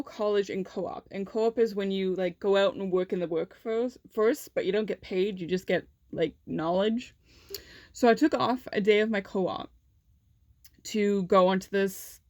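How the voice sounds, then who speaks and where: Young woman, casual storytime vlog, middling pitch, chatty with lots of fillers, dry close sound. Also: a little mellow, dry recording. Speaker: vlogger.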